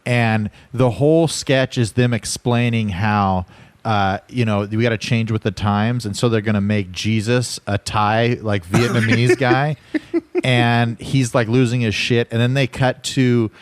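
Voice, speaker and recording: A man co-hosting a comedy podcast who tells a story in a profane, rambling, animated way. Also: medium pitch, a little slow, no room sound. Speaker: podcast co-host.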